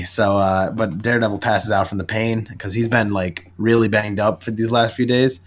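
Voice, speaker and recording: A man with a low voice recaps a comic issue in relaxed podcast chat. He talks in quick bursts, full of uhs and likes. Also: slight background noise. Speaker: podcast co-host. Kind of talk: casual comic book chat.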